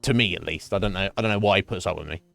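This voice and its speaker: A man's voice: deep voice, racing, gravelly, a bit bright, dry recording, soft background music. A man chatting casually on a gaming stream at home, rambling and swearing freely. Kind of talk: casual chat while gaming.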